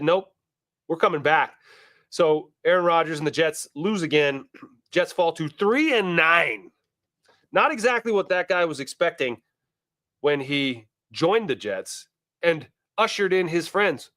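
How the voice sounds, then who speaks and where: A man hosting a casual sports show, animated and wisecracking, talking straight to his viewers. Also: a little high, dry recording, studio quality.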